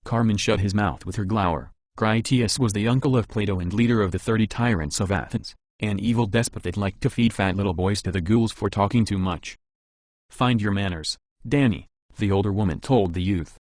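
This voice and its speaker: A male narrator reads an action audiobook in a measured, even style. His voice sits on the low side and the recording is dry and close. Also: dry recording. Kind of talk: scripted narration.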